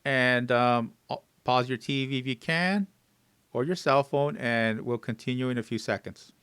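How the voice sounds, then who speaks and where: A man teaching English phrases, repeating each one slowly and word by word, with fillers and friendly asides to his viewers. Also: medium pitch, a bit bright, smooth, no room sound. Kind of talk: slow, drilled phrase teaching.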